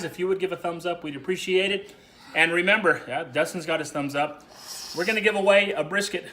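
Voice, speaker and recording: A man with a bright, fairly high voice hosts a home cooking vlog. He talks the viewer through each step in a relaxed, chatty way, with a faint hum of ambient noise behind him. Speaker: cooking show host. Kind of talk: casual how-to cooking narration.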